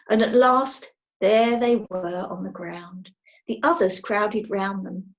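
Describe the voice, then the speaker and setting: A woman reading a children's storybook aloud in an expressive storytelling manner. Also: medium pitch, measured pace, dull audio. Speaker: storybook reader.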